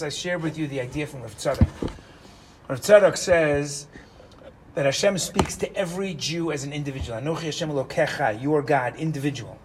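Animated male Torah lecturer. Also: a little high, a little hiss or hum, poor audio. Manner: rhetorical questions, shifts between loud emphasis and hushed asides. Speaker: rabbi teaching Torah.

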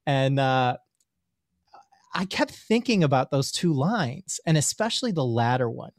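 Excitable storytelling man, dry sound. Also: medium pitch, unhurried, no echo. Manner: animated storyteller, often repeats words while searching for them. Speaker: physician guest. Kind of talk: casual podcast conversation.

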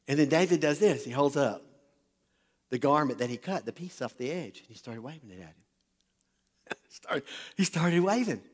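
Animated preacher in a reverberant hall. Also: male voice, on the high side. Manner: animated, talks directly to the congregation. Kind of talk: sermon, animated Bible storytelling.

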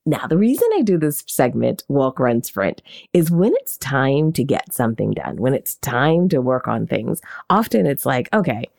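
A woman hosting a podcast, teaching in an animated, conversational way and often asking questions aloud. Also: extremely low pitch, normal speed, gravelly, faint music behind. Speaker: podcast host and marketing coach. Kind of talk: casual teaching monologue.

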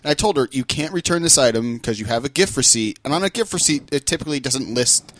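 A man's voice: medium pitch, animated, fast, fairly bright tone, dry recording. A man co-hosting a podcast, retelling a work story in a blunt, exasperated way. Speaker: podcast co-host. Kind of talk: casual storytelling chat.

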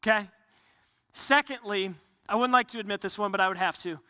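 A man preaches a sermon in a high, piercingly bright voice. He talks earnestly, restarts his phrases and acts out quotes. His voice rings with long reverb from a large hall. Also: a little fast, clean tone. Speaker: pastor.

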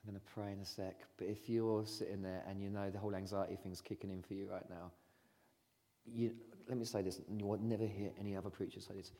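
A man preaching in a church, talking casually with laughter and then gently inviting people to respond. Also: sits low, little pitch movement, fast talker. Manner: chatty, laughing storyteller turning gentle and pastoral. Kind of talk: sermon. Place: church hall. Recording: long church reverb.

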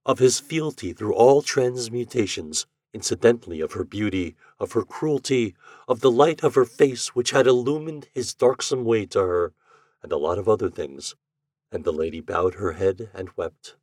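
A man reading a story aloud as a guest, with a measured, expressive narration. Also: lowish voice, no room sound, studio quality. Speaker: guest reader.

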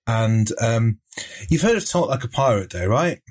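A man's voice: mid-range voice, lively intonation, normal speed, darkish tone, breathy edge. A man with a Birmingham accent telling dry, self-mocking stories in casual podcast chat. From England. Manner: dry self-mocking storyteller with frequent laughs. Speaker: podcast co-host.

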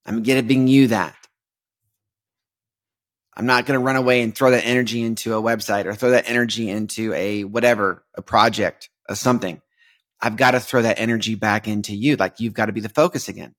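A man's voice: on the low side, fairly even intonation, moderate pace, fairly bright tone. A young adult man hosting a podcast, talking about faith in a casual, conversational way with many fillers and restarts. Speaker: podcast host.

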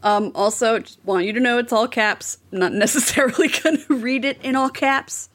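A woman's voice: on the high side, moderate pace, a bit bright. A woman co-hosting a podcast, recapping a TV episode in casual chat and laughing often. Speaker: podcast co-host.

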